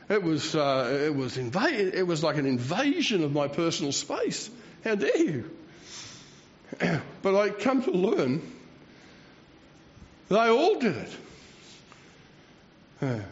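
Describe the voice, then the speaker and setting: A man, preaching a rambling, self-mocking sermon and chuckling between phrases. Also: sits high. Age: 60s. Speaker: pastor. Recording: dull lo-fi recording.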